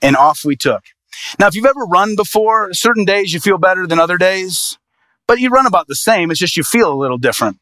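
Animated male evangelist telling a story. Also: high-pitched, brisk, no room sound. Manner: animated, lively storyteller voicing quoted people. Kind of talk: sermon storytelling.

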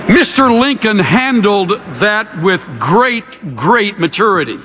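A man preaching a sermon, measured and emphatic, with dramatic pauses between phrases. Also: high voice, expressive, sharp tone, slight background noise. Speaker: pastor. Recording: preached in a reverberant hall.

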